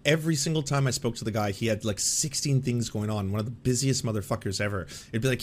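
A man's voice: mid-range voice, brisk. A man from Canada hosting a livestream, talking casually in a rambling, profane way with frequent restarts. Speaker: livestream host. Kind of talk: casual commentary.

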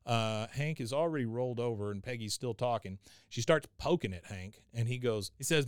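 A man co-hosting a podcast, walking through an episode with lively, laughing delivery. His voice is smooth and clear. The recording is dry and close. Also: medium pitch, moderate pace, hardly any pauses, no room sound. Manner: animated, laughs, acts out lines. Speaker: podcast co-host recapping an episode. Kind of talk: casual chat.

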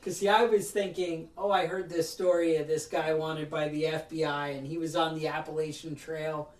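A man with a high voice tells a story in a worked-up, ranting way, putting on the voices of the people in it. He sits back from the mic in a roomy space, so the sound carries some echo. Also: level tone, moderate pace, recorded from a distance. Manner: ranting storyteller, acts out other people's lines. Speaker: podcast host. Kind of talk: casual podcast chat.

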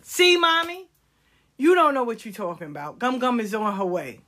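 A woman's voice: a little high, big pitch swings, moderate pace, bright, forceful tone, voice pushed up. A woman voicing her insistent, outspoken five-year-old granddaughter. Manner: insistent, scolding. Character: bossy, outspoken little girl of five.

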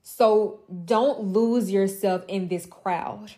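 A woman's voice: mid-range voice, steady tone, slow, dark tone. A young woman mentoring other women in an impassioned motivational monologue, emphatic and blunt, with profane, mocking asides.

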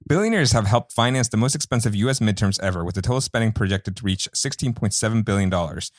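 A man comedy writer pitching jokes, laughing often and jumping between thoughts. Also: expressive, quick pace, no echo, studio quality. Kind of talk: casual writers-room chat.

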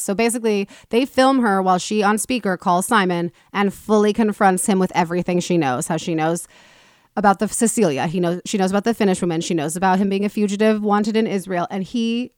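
A woman hosting a casual talk show, retelling a story in an animated way and acting out the people in it. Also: mid-range voice, a little fast, dry recording, studio quality. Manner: animated retelling, acts out quoted people with swearing. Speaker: podcast host.

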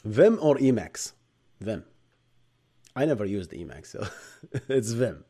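Arab-accented guy streaming a tech talk, voice swings all over, loud then mumbly. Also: slow, slightly rough. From Bahrain. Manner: animated, jumps between loud bursts and low asides. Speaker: live stream host. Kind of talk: live-streamed tech lecture with chat replies.

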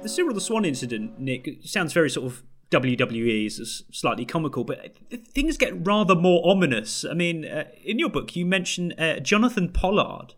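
A man hosting a podcast, offering wry, animated commentary in casual chat. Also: a little high, normal speed, few pauses. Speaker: podcast host.

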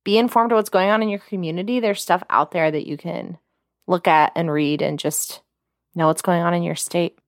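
A woman co-hosting a podcast in casual chat, chatty and quick with asides as she reads names and notes aloud. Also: on the low side, fairly even intonation, no room sound, clean studio sound. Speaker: podcast co-host.

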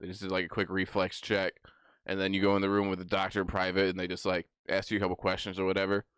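A young man co-hosting a comedy podcast, trading dry, deadpan quips. His voice is fairly low and smooth. It sounds close-miked in a dead, dry space. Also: fast talker, no echo. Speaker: podcast co-host. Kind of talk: crude comedic chat.

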